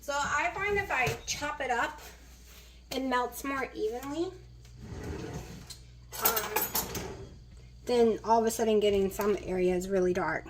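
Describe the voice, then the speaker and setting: A woman's voice: a little high, a little slow, pauses often, noisy background. A woman chatting casually as she cooks in her home kitchen, rambling with plenty of fillers. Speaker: vlogger. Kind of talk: casual kitchen vlog chat.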